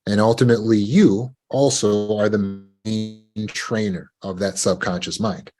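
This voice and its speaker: A man giving a measured motivational talk on recovery, often asking the listener rhetorical questions. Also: fairly low pitch, fairly even intonation, over music. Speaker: self-help speaker.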